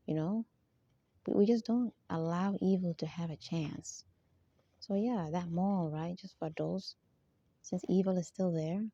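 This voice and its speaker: A woman's voice: lowish voice, creaky, dark tone, breathy edge, no room sound. A woman in a rambling monologue who keeps asking for agreement and laughs between her points. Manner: rambling, repeatedly seeks agreement. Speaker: spiritual vlogger. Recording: dull lo-fi dry sound.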